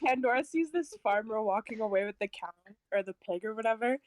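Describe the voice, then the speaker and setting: A woman's voice: a little high, animated, quick pace, no room sound. A woman playing a tabletop game, chatting casually with many fillers. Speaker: player. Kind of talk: tabletop role-play chat.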